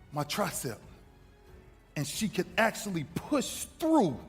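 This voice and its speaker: A husky-voiced man tells a story with fierce conviction, his pitch riding high and leaping all over the place. He swings from shouts down to hushed near-whispers. The sound comes from an echoey hall with music underneath. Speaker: former football player giving a motivational talk. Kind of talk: impassioned motivational storytelling.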